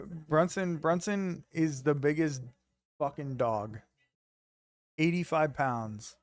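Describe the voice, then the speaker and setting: This man speaks slowly in a fairly high voice, streaming from home with no room sound. He chats loosely with his live viewers, joking around and swearing casually.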